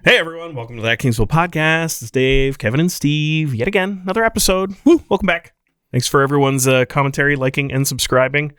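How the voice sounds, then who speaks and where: A man's voice: fast talker, a bit bright, smooth, dry recording, studio quality. A Canadian man co-hosting a casual podcast, reading an ad with jokey, hammy delivery. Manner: jokey, hammy ad delivery with big pitch swings. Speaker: podcast co-host. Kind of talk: casual chat and playful ad read.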